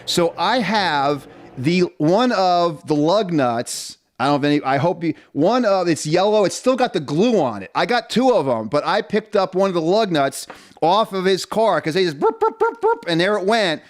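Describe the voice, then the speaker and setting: A man's voice: sits high, expressive, normal speed. A man co-hosting a casual podcast from his home basement, telling rambling, joking stories. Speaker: podcast co-host. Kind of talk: casual chat.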